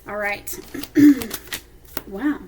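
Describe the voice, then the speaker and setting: A woman's voice: a little high, drawn-out words, warm tone, slight background noise, poor audio. A woman giving a casual intuitive card reading to camera, chatty and speaking straight to her viewers, often checking in with them. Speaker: tarot card reader.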